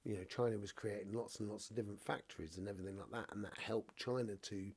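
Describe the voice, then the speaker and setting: This spiritual reader, a middle-aged man, reads viewer comments on his live stream while coughing and stuffed up, drifting along loosely and dropping "you know" often. He talks fast in a fairly low, steady, slightly mellow and husky voice.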